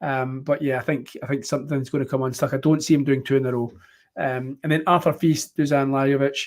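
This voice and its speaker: A man's voice: medium pitch, steady tone, quick pace. A man hosting a casual live-stream chat, rambling with many ums and fillers. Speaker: host.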